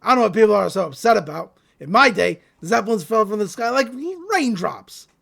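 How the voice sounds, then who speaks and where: A woman voicing a grumpy, boastful old man from a cartoon, with a gruff, loud delivery. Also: mid-range voice, expressive, a little fast. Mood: grumbling.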